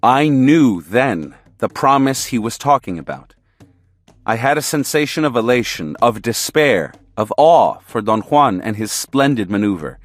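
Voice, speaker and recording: A man narrating an audiobook in the first person, with a measured, earnest storytelling manner. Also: mid-range voice, expressive, no echo, faint music behind.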